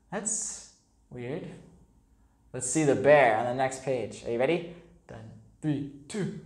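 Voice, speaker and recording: A woman, an English teacher, reading a picture book aloud to young children, slow and animated, explaining words and adding sound effects. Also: low-pitched, reverberant.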